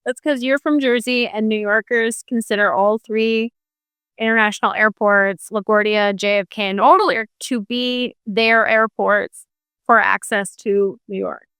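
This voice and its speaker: A woman's voice: mid-range voice, fairly even intonation, measured pace, fairly bright tone, clear, resonant tone, no room sound. A middle-aged woman co-hosting a podcast, chatting casually with dry, teasing remarks. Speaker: podcast co-host. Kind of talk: casual chat.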